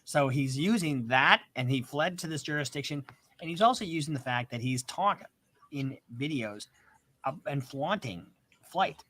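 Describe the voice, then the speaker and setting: A man speaking as a lawyer, explaining a court order in a commentary video in a measured, explanatory way. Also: a little high, animated, a bit bright.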